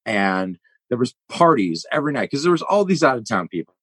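A man with a husky, slightly rough voice co-hosts a casual podcast, rambling through his thoughts and stories with lots of "like" and "you know." The sound is dry and close, with no room around it. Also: medium pitch, big pitch swings, a little fast, fairly bright tone, no echo. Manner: rambling, chatty storytelling with many fillers. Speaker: podcast co-host.

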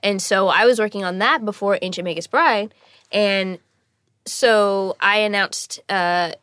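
A woman's voice: unhurried, fairly bright tone, no echo. A woman voice actress in casual chat, bubbly, laughing often and acting out quotes. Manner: bubbly, laughs often, quotes people with big pitch swings.

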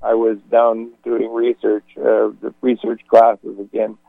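Gravelly-voiced male radio host. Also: lowish voice, completely flat delivery, unhurried, dry recording. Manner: rambling, hesitant with many fillers. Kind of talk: conversational radio talk. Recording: dry, phone-like radio audio.

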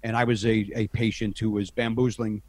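A man's voice: fairly low pitch, level tone, a little fast, a little mellow, no room sound. A middle-aged man, a podcast guest, telling self-deprecating anecdotes in a rambling, casual way with lots of restarts.

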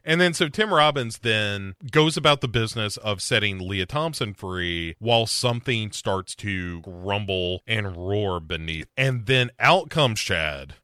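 Male podcast co-host, bright forceful tone, dry close mic, chatty recap. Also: lowish voice, smooth, no room sound. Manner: chatty, laughs, acts out lines in quick voices. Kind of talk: casual movie recap chat.

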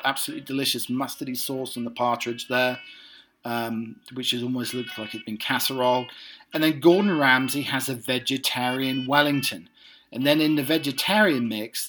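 A man's voice: medium pitch, pushed and bright. A man hosting a casual show, reading items one by one with enthusiastic asides. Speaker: host. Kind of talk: casual read-through of lists.

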